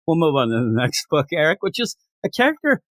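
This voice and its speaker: A man's voice: a little high, wildly swooping pitch, quick pace, fairly bright tone, no room sound, clean studio sound. A man co-hosting a comics podcast in casual review chat, joking and swearing casually. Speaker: podcast co-host.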